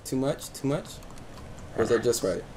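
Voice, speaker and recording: Excitable young man gaming on a headset. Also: normal speed, a little hiss or hum. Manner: excitable, teasing, bursts into high yelps. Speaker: let's play host. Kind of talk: casual gaming chat.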